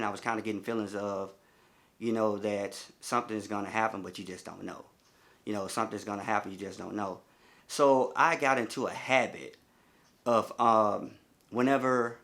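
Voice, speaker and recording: A middle-aged man, a bereaved father, recounting his story in a halting, repetitive way with many fillers. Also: fairly low pitch, fairly bright tone. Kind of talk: personal testimony.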